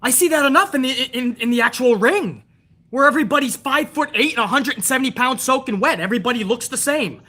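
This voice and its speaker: Brief: profane, incredulous female host woman ranting at a live chat, husky and fairly high. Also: expressive, quick pace, fairly bright tone. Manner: reads out and answers chat viewers. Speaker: show host. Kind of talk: heated wrestling show rant to a live chat.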